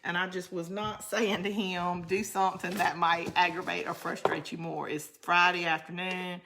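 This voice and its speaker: A woman's voice: fairly low pitch, little pitch movement, moderate pace, crowd noise. A middle-aged woman hosts a casual craft livestream. She rambles chattily and answers viewer comments as she works. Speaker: craft channel host.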